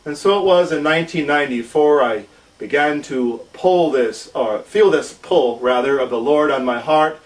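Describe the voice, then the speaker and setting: A man in his forties with a Minnesotan accent, a pastor introducing himself in an earnest, measured way with frequent restarts. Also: on the high side, distant mic, poor audio. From southern Minnesota. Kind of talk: introductory church video.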